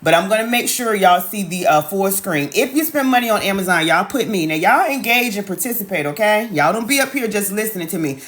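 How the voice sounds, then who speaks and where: Speaking into her phone, a business coach in her thirties keeps up a chatty, repetitive sales pitch on her live stream, constantly addressing the chat with "y'all" and "okay." Her medium-pitched voice is fairly bright with lively intonation, brisk and with few pauses.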